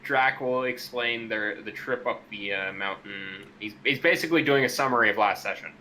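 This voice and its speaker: A man's voice: on the low side, moderate pace, bright, forceful tone, slight background noise, rough recording. A man playing a tabletop game, talking in a dry, teasing way. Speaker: player.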